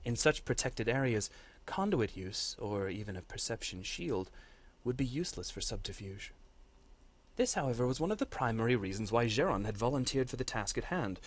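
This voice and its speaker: A man's voice: mid-range voice, expressive. Man reading a fantasy story aloud. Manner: measured, dramatic storytelling delivery. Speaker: course instructor.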